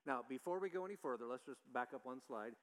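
A man's voice: medium pitch, expressive, fast talker, a bit bright. A man leading an informal Bible study, talking through the passage in a conversational way with frequent restarts. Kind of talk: informal Bible teaching with slides.

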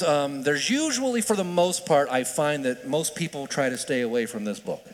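A pastor with a fairly high voice delivers a lively, conversational sermon, his pitch swinging widely as he fires off rhetorical questions. He often stumbles and restarts mid-sentence, and a long reverb suggests a large hall.

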